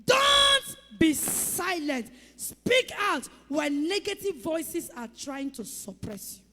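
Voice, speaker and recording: A woman's voice: very high-pitched, very animated, slow pace, sharp tone, big-room sound. A woman pastor preaching a sermon with emphatic calls, rhetorical questions to the congregation and acted-out sound effects.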